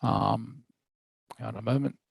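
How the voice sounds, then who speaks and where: A man's voice: medium pitch, steady tone, a little slow, creaky, breathy edge, no room sound, low-quality recording. A man teaching English over a video call, patiently giving feedback and often checking that his student follows. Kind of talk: online lesson feedback.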